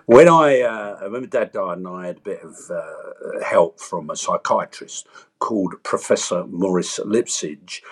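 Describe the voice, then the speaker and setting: An actor appears as an interview guest in a casual chat, telling stories animatedly and acting out voices and quotes. His voice is low and slightly rough.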